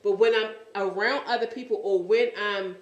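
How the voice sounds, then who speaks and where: A woman hosting a faith-based talk show, speaking earnestly and often pausing to search for words. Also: mid-range voice, reverberant, dull audio. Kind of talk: faith-based casual chat.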